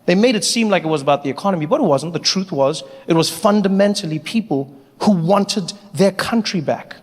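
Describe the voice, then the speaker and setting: Man, stand-up comedian, high-pitched voice, echoing theater, faint audience murmur. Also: a little fast. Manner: animated, shifts into voices and shouts. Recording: live hall reverb, audience noise.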